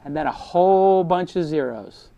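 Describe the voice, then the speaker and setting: A man, speaking to students as the host. He tells motivational stories with punchy sound effects and lively, animated delivery. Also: fairly high pitch, moderate pace, vocal fry, highs cut off. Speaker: host giving a talk to students. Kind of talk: motivational storytelling.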